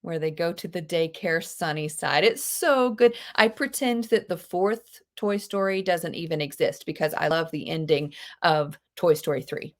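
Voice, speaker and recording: Chatty teacher on a video call. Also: female voice, lowish voice, moderate pace, few pauses. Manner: lively, chatty, gasps with delight, quotes movie lines in put-on voices. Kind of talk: live online class, casual teaching.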